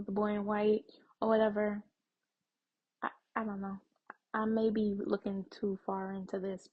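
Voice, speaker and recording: Husky-voiced woman reacting to a TV show. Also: mid-range voice, a little mellow, muffled recording. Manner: chatty, addresses viewers directly, thinks aloud with fillers. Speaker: reaction video host. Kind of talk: casual TV reaction commentary.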